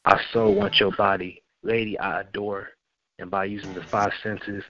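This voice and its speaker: Man, lowish voice, slow measured spoken-word recitation over a dull lo-fi line. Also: little pitch movement, bright, forceful tone. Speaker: poet guest. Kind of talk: spoken-word poetry reading. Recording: dull, lo-fi call-in audio.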